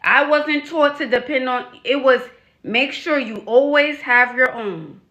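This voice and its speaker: Woman, advice vlogger and life coach; bright, slightly high voice; emphatic, repeats herself, fires off rhetorical questions. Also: measured pace, highs cut off. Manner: speaks frankly to young women. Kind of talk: direct-to-camera advice vlog.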